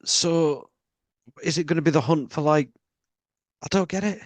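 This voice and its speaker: A man's voice: on the high side, moderate pace, dry recording. Man, blunt questioning podcast co-host, dry close sound. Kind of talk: casual chat.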